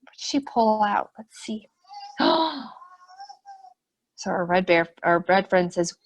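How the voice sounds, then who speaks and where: A woman hosting a children's webinar, reading a picture book aloud and asking young children lots of questions with excited gasps. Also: medium pitch, slow pace, pauses often. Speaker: children's program host. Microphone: webinar computer mic.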